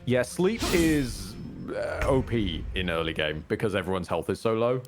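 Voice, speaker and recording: A man's voice: lowish voice, expressive, moderate pace. A man joking and explaining the game as he plays with a friend. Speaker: gamer. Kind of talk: casual gameplay chat. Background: game music.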